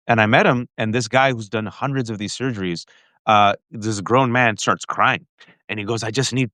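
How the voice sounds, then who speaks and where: A man earnestly recounting a family ordeal in an interview, halting often and restarting his sentences. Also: on the low side, pushed and bright, no echo, clean studio sound. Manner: earnest, halting, with restarts and frequent direct address. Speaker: guest. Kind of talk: emotional personal storytelling in an interview.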